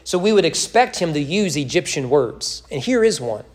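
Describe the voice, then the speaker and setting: A man's voice: a little high, big pitch swings, normal speed. A man leading a church Bible study, teaching in a conversational way with joking asides.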